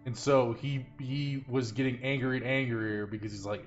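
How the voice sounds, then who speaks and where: A man's voice: medium pitch, fairly even intonation, moderate pace, highs cut off, soft background music. A man playing in a tabletop game, earnestly describing his character's feelings. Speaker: player. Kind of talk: casual tabletop chat.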